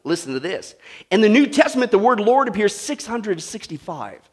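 A man preaching a sermon to a congregation, animated and asking them questions. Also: high-pitched, moderate pace. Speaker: pastor. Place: church with a live congregation.

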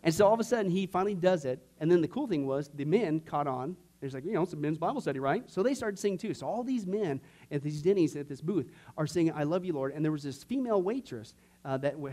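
Leading a discipleship class in a sermon-like style, a middle-aged pastor with a slightly high voice shares personal stories. He peppers them with jokes, asides and plenty of fillers, performing quoted voices anywhere from loud to almost whispered.

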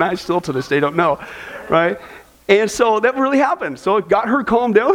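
A man leads a church discipleship class in a loose, conversational way. His voice sits high for a man, and he stumbles through fillers and repeated words. He drifts into lively personal stories, acting out the voices. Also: a little fast, slight background noise. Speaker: Bible class teacher.

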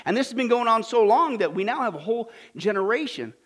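Man, very high-pitched, lively preacher, storytelling sermon, punchy exclamations. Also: fast talker. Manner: animated, jokey, punchy exclamations. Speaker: pastor.

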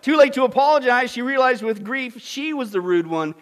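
A man preaching a sermon as a pastor, swinging from hushed asides to loud emphatic lines and often repeating "listen". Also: extremely high pitch, lively intonation, a little fast.

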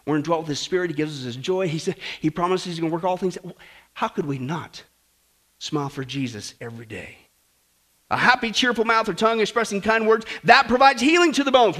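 A man preaching an exhorting sermon to a congregation, swinging from loud appeals to low asides. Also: fairly quick. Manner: animated, exhorting.

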